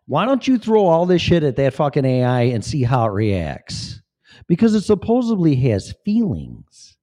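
A male vlogger rambles through casual commentary in a blunt, profane way. His voice is dark and mellow, and his pitch rises and falls in a lively way. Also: a little slow.

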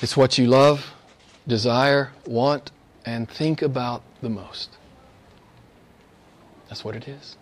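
A man preaching a sermon in a conversational way, asking rhetorical questions and repeating phrases for emphasis, dropping quiet and low and then rising loud and excited. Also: slow pace, pauses often. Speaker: pastor.

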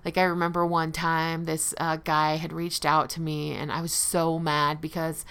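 A woman's voice: low voice, flat delivery, moderate pace, a bit bright, clean tone. A woman hosting a personal recovery talk, speaking candidly and conversationally, often laughing lightly at herself.

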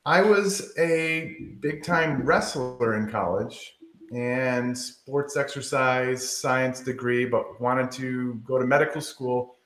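A man's voice: medium pitch, fairly even intonation, slow, a bit bright, a little hiss or hum. A man who is a doctor, a podcast guest chatting casually in a laid-back, self-deprecating way and laughing easily. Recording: roomy echo.

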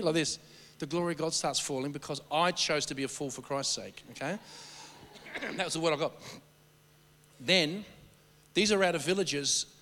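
A man preaching and telling stories, rambling and animated, often stammering and restarting his sentences. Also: a little high. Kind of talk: sermon storytelling. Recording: long hall reverb.

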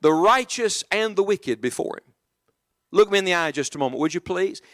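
A middle-aged man preaching a sermon in church, dropping to an earnest hush and rising to emphatic calls, often asking the congregation questions. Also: high-pitched, lively intonation, moderate pace. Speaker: evangelist preacher.

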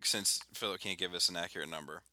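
A man hosting a casual podcast, joking loosely and reading off shout-outs. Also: low voice, steady tone, quick pace, no echo, studio quality. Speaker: podcast host.

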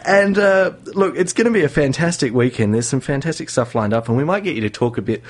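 A chatty man hosting a casual radio show. He talks loosely, with plenty of ums and uhs, and laughs often. His pitch sits in a middle range for a man. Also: lively intonation, fast.

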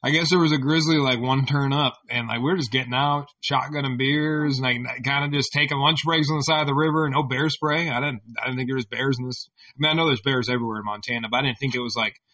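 A man's voice: medium pitch, fairly even intonation, fast talker, hardly any pauses, pushed and bright, far from the mic, highs cut off. A man co-hosting a podcast, telling a story in loose casual chat, rambling and swearing freely. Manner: rambling, swears freely, retells with quoted voices. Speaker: podcast co-host.

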